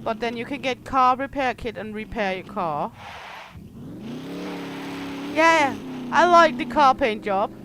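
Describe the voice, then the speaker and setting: A woman's voice: on the high side, animated, takes it slowly, long pauses. A young adult woman whose first language is Danish, explaining game features and listing items on a gameplay livestream. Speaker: streamer. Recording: noisy game audio behind.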